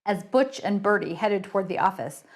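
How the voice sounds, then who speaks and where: A woman author chatting encouragingly, then reading her mystery story aloud with dramatic pauses. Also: mid-range voice, expressive. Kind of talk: casual chat and storytelling read-aloud.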